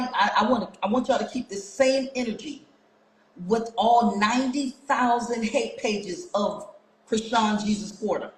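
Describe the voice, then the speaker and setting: A woman's voice: mid-range voice, a little hiss or hum. A woman hosting her own live stream, talking casually and firing repeated rhetorical questions at her viewers on a phone mic. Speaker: livestream host. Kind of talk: casual livestream rant to viewers. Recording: echoey room.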